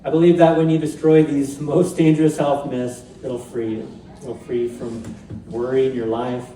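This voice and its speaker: A man's voice: mid-range voice, flat delivery, moderate pace, dark tone, slight background noise. A male pastor preaching a sermon in a conversational way with light humor. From Pacific Northwest, USA. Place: church sanctuary. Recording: roomy church sound from a distant mic.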